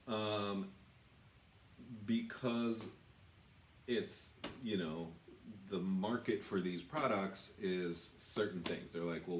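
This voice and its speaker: Man, deep voice, self-deprecating, cursing, echoey room, faint hum behind. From United States. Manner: rambling, self-deprecating, swears a lot. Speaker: tattoo artist. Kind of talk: casual product walkthrough. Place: tattoo shop.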